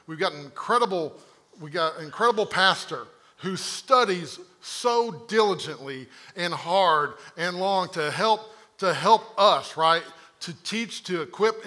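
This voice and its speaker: Bright-voiced man preaching casually. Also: sits high. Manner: conversational, digressive, frequent rhetorical "right?". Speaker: pastor. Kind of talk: sermon. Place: church sanctuary.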